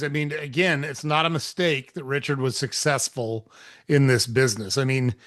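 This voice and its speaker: A man's voice: a little high, fairly bright tone. A man hosting a podcast interview. He talks enthusiastically and turns to address the audience directly. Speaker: podcast host. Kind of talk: casual interview chat.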